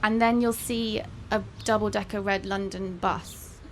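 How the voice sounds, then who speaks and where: Young woman, gravelly wry storytelling. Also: mid-range voice, steady tone, unhurried, slight background noise. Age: young adult. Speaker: author guest. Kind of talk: bookshop author conversation. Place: bookshop event space.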